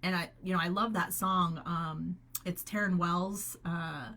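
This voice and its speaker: Animated woman coaching with upbeat conviction. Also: fairly low pitch, unhurried. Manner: animated, upbeat, laughs often. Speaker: holistic health coach. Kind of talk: live faith-based coaching call.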